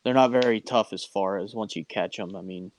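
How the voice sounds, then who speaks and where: A man telling a fishing story in a relaxed, casual chat, laughing along as he goes. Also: on the low side, brisk, slight background noise. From Pennsylvania. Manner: laid-back, swears, laughs at his own story. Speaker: podcast guest. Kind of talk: casual storytelling around a fire.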